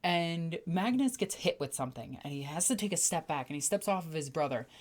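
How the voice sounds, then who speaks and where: Excitable woman chatting on a livestream. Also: deep voice, a little fast. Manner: excitable, animated storytelling with acted-out voices. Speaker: streamer. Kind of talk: casual livestream chat.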